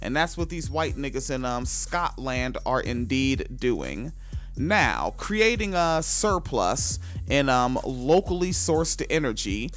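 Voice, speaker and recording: A man's voice: mid-range voice, big pitch swings, faint music behind. Rambling, foul-mouthed male podcast host reading. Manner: halting, filler-heavy reading with sudden loud asides. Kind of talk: reading an article aloud with profane commentary.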